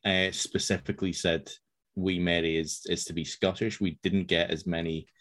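Very deep-voiced dry man. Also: level tone, moderate pace, fairly bright tone. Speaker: podcast co-creator. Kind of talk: casual chat.

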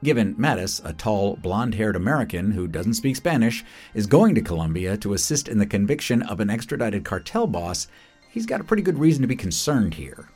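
Low-voiced male podcast narrator. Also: very animated, brisk, darkish tone, slightly rough, soft background music. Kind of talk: scripted narration.

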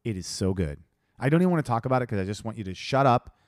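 A man's voice: mid-range voice, animated, rapid-fire, no echo, clean studio sound. A man co-hosting a podcast in casual chat, laid-back and playful, swearing freely. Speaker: podcast co-host.

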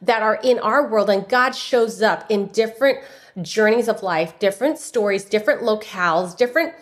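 Animated middle-aged woman telling her story. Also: mid-range voice, moderate pace. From San Francisco, USA. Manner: animated, acts out the voices of people in her stories. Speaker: guest author. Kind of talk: personal storytelling in a podcast interview.

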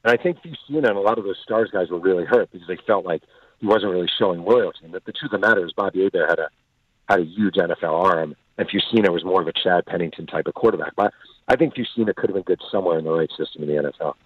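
Lively male guest on a tinny line. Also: sits low, rapid-fire, breathy edge, no echo. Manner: animated storyteller acting out quotes. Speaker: author and guest. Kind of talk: storytelling interview answers. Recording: tinny phone-line audio, dry.

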